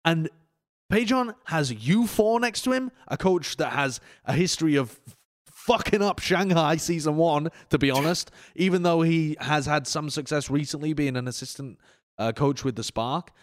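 A man's voice: on the high side, moderate pace. Opinionated male esports panelist, casual and slangy. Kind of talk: casual esports analysis chat.

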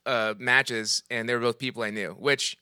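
A man's voice: medium pitch, steady tone, normal speed, bright, forceful tone, smooth, no room sound, studio quality. A young man co-hosting a podcast, trading crude jokes and laughing often, with frequent restarts and repeated words. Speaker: podcast co-host. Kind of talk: crude casual banter.

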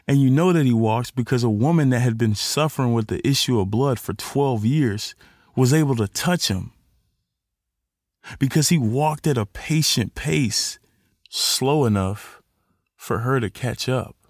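A young man hosting a podcast, giving an animated motivational faith talk in casual slang and acting out the voices he quotes. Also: mid-range voice, unhurried, dry recording, clean studio sound. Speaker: podcast host.

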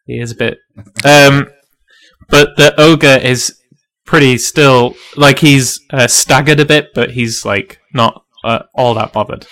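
A man's voice: mid-range voice, fairly even intonation, slow pace, a bit bright. A man narrating a tabletop role-playing game as game master, casual and full of fillers, laughing often.

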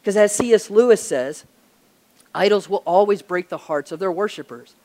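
A pastor preaching a conversational sermon, telling stories and pressing emphatic questions. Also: male voice, sits high, moderate pace, dark tone.

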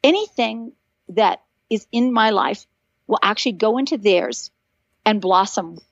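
A middle-aged woman, a guest on a podcast, telling stories in an animated, earnest and encouraging way. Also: medium pitch, unhurried, no echo, lo-fi sound. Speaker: podcast guest, author and speaker. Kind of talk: casual chat.

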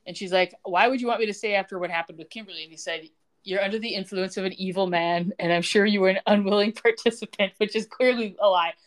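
This woman talks fast in a mid-range voice. Co-hosting a casual podcast, she walks through a TV soap's plot and lively acts out the characters' quoted lines, breaking into laughter as she goes.

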